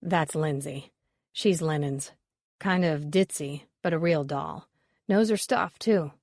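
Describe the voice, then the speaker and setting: A woman reading the part of a gossipy man appraiser, lowering her voice a little and keeping it easygoing. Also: slow, darkish tone, dry recording, clean studio sound, heavily acted.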